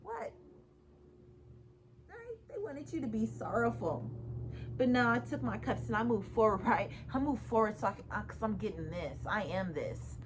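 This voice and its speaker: A woman's voice: a little high, animated, normal speed, a little hiss or hum. A woman giving a casual tarot reading to her viewers, swearing freely, laughing often and repeating phrases for emphasis. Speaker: tarot reader.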